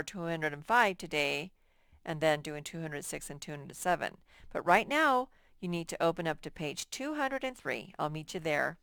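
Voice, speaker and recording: A woman's voice: fairly low pitch, a bit bright, clear, resonant tone, no room sound, studio quality. A woman teaching a recorded phonics lesson to first graders, patient and spelling things out word by word. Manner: slow, patient, drawn-out word by word.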